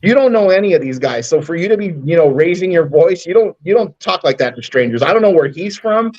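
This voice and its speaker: A man's voice: a little high, quick pace. Man retelling drama over lo-fi call. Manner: animated storytelling, mimics others. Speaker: regular caller in a live chat. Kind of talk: casual group call chat.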